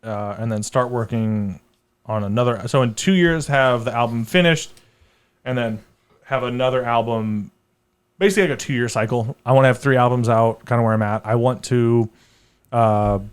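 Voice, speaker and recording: A man guesting as a comedian on a casual podcast chat, rambling and self-deprecating, halting with many fillers. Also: medium pitch, clean tone.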